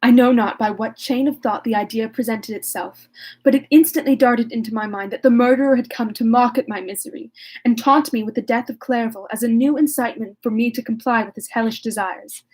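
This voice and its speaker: A woman's voice: a little high, a little fast, darkish tone, husky. A woman reading a classic novel aloud, breaking off now and then for wry, joking asides. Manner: wry asides, laughs at herself. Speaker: reader.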